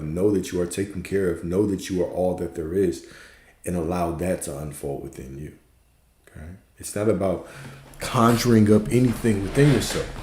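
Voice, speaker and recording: A man giving a relaxed livestream spiritual talk as a coach, repeating points and checking in with rhetorical questions. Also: sits low, slight background noise. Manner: relaxed, repetitive, checks in with "okay?". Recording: roomy echo.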